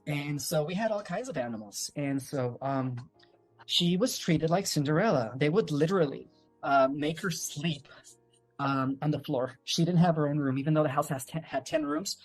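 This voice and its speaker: A man's voice: on the high side, normal speed, soft background music. Rambling man telling a family story. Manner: rambling, many fillers and restarts. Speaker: interview guest. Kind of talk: casual storytelling.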